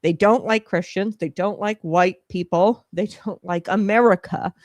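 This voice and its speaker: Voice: medium pitch, steady tone, moderate pace, no room sound, clean studio sound. A host of a political commentary show, talking casually in a rambling, scornful way full of fillers and asides.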